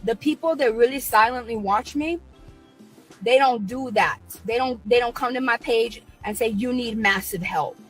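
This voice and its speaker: A woman's voice: on the high side, normal speed, slightly rough, soft background music. A woman on her own live stream, ranting at critics in a combative, preachy way and repeating herself.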